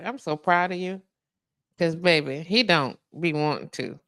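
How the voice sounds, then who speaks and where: Slow-talking woman radio host, dry sound. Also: on the low side, vocal fry, a bit bright, dry recording. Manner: chatty, laughs often, coos baby talk to her dog. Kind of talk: casual live chat.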